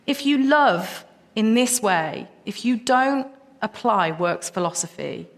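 A woman preaching a sermon, passionate and emphatic, her voice rising into repeated questions. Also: mid-range voice. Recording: long reverb of a hall.

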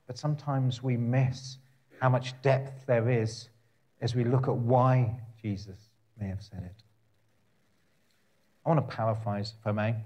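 A male pastor delivering a sermon at a middle pitch. He reads scripture aloud, then slows right down and leans on key phrases with measured pauses. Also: warm tone. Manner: slow, deliberate emphasis with long pauses on key words.

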